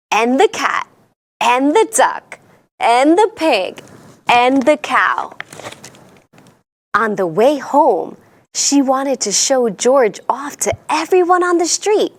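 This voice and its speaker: A woman reads a picture book aloud to young children, drawing out her words at a gentle, unhurried pace. Her voice sits high and swoops up and down as she slips into playful voices for the characters. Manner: animated, sing-song storyteller voice with playful character voices. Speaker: children's storytime host.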